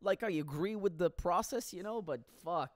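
A man's voice: sits high, moderate pace, dry recording. A man telling stories in a casual solo monologue, rambling and profane with frequent laughter.

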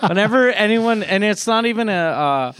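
A man co-hosting a casual comedy podcast, talking dry and deadpan with sarcasm. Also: high-pitched, moderate pace, clear, resonant tone, no echo. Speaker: podcast co-host.

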